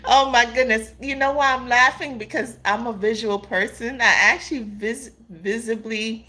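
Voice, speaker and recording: A woman's voice: fairly high pitch, moderate pace, hardly any pauses, bright, forceful tone. A woman hosting a casual live stream, reading viewer comments aloud, laughing often and calling her viewers "y'all" and "honey".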